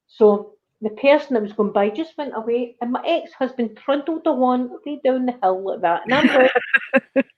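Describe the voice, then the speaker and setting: A woman's voice: on the high side, normal speed. A middle-aged Scottish woman hosting a casual chat, telling a personal story and acting out the voices of the people in it. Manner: animated storyteller, acts out quoted voices. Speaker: channel host. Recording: slightly dull lo-fi recording.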